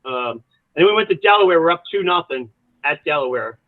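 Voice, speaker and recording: A man on the high side of pitch speaks briskly, an animated college soccer coach who wanders through long stories and asides as a podcast guest. The recording is dry and tinny, like a phone line.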